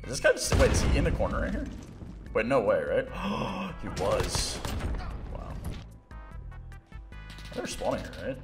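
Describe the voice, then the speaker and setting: A man casually commentating his own gameplay, excitable, laughing often and swearing, with game audio playing behind him. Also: fairly low pitch, a little slow, long pauses. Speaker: gaming YouTuber. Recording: game music and gunfire behind.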